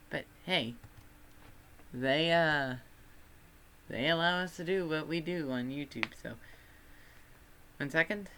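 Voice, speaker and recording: A man's voice: a little high, takes it slowly, pauses often, background noise. A young man from Texas with a Texan accent, chatting casually on a livestream in a rambling, self-deprecating way. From Texas, USA. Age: student.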